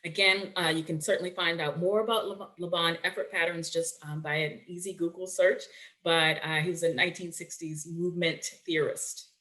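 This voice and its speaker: A woman's voice: lowish voice, steady tone, moderate pace, a bit bright. A woman presenting a webinar in a conversational way, often checking in with listeners and using fillers.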